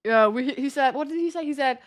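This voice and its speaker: A woman's voice: high voice, fairly quick. A young woman streamer telling a story in casual chat, rambling and laughing often. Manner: rambling, chatty, with frequent laughter and "like" fillers.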